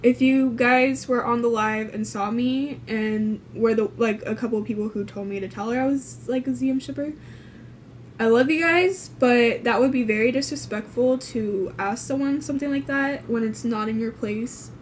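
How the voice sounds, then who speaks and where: A woman's voice: fairly high pitch, moderate pace, a little hiss or hum. A woman from California telling a storytime vlog, rambling with lots of fillers and casual swearing. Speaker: vlogger.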